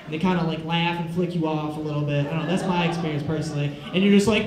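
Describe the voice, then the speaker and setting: Young dude rambling thru a standup bit, kinda high voice, room echo and crowd noise. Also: male voice, racing. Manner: rambling, excitable, loose and casual. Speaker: stand-up comedian. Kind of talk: stand-up comedy set. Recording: echoey room with crowd audible.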